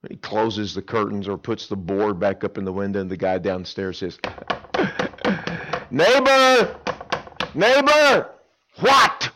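A male preacher giving a sermon, telling a Bible story in an animated, folksy way with humor. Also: low voice, a little fast, few pauses, poor audio.

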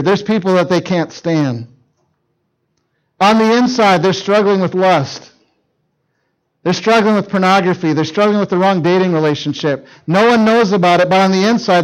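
Animated high-voiced male preacher. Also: rough recording. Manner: animated storytelling, acting out quoted lines. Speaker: youth pastor. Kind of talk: sermon.

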